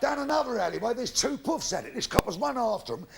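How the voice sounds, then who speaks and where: A man's voice: very high voice, expressive, fast, creaky, very noisy. An older man telling bawdy jokes in brash stand-up on a theatre stage. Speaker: stand-up comedian. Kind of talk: live stand-up comedy. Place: theatre stage before an audience.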